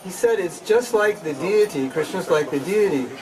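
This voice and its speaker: A man's voice: high-pitched, expressive, normal speed, distant mic, poor audio. Conversational man lecturing a crowd. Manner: conversational, asks the audience rhetorical questions; imitates questioners and mimics pronunciations. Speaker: spiritual teacher leading a chanting seminar. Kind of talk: lecture to a live audience. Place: seminar hall with an audience.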